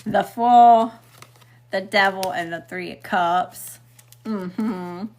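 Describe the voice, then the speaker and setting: A woman's voice: lowish voice, steady tone, slow, fairly bright tone. A middle-aged woman doing a casual spiritual tarot reading, emphatic and blunt, checking in with "okay?" and swearing freely. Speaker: tarot reader.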